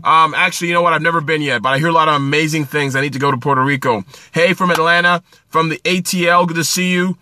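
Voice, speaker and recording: Bright-voiced upbeat man livestreaming. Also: a little high, fairly even intonation, fast, hardly any pauses, slight background noise. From New Jersey. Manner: upbeat, greets viewers by name, coaching tone. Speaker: livestream host. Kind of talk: casual livestream chat. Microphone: phone livestream.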